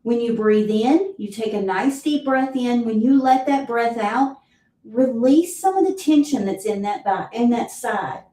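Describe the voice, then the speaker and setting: A woman with a Southern US accent leading a live exercise class, counting reps and giving steady cues, heard from a distance in an echoey room. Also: a little high, a little slow. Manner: counts reps aloud, encouraging cues, clears throat often. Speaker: fitness instructor. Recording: roomy echo, voice from far off.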